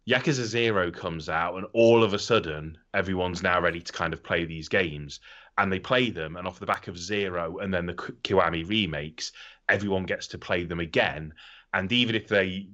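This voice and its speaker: A man co-hosting a podcast, chatting casually in a rambling, animated way and swearing freely. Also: low-pitched. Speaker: podcast co-host. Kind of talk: casual chat. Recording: slightly dull lo-fi audio.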